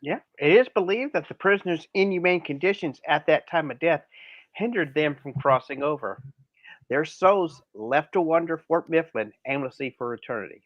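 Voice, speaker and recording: A man co-hosting a podcast in a relaxed, hesitant way, his voice sitting a little high. The recording is dull and lo-fi, dry with no room sound. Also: normal speed, no room sound. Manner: relaxed, hesitant with fillers, jokes with accents. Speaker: podcast co-host. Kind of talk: casual podcast chat.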